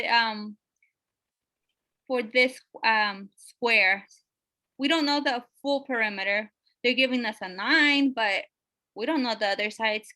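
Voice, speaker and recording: Bright high-voiced woman teaching. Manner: checks in with questions, many fillers. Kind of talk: teaching a math lesson.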